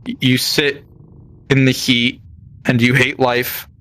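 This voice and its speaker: A man's voice: medium pitch, little pitch movement, slow pace, sharp tone. A young man casually telling military stories while gaming, rambling with many fillers and restarts.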